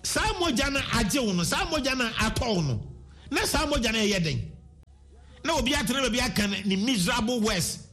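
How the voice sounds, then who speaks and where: A man's voice: extremely high pitch, expressive, brisk, pushed and bright, soft background music. A man with a Ghanaian accent preaching a sermon, switching between English and Twi, repeating his words and sometimes singing his phrases.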